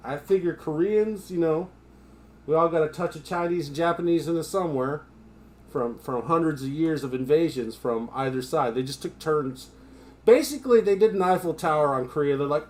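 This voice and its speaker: A man's voice: fairly high pitch, normal speed, darkish tone. A man from the United States ranting his opinions in casual live-stream chat, swearing freely.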